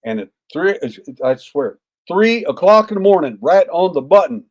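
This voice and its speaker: A man's voice: high voice, big pitch swings, moderate pace. An older man in his sixties, telling a story as a podcast guest. He speaks in a folksy, rambling way, with plenty of "uh" fillers, and acts out the lines of the people in it. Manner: folksy, acts out quoted dialogue, frequent "uh" fillers. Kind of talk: anecdotal storytelling.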